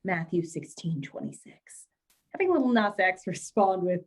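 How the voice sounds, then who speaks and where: A woman's voice: lowish voice, expressive, measured pace. A woman co-hosting a casual show, reading news aloud with dry, teasing asides. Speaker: podcast co-host.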